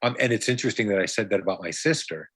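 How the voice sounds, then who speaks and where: A man's voice: on the low side, expressive, rapid-fire, fairly bright tone, breathy edge, no echo. A man from upstate New York, a comedian and magician talking as a podcast guest, rambling and joking with frequent restarts. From Brighton, Rochester, New York. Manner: rambling, jokey, with many restarts and playful asides. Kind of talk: casual conversation.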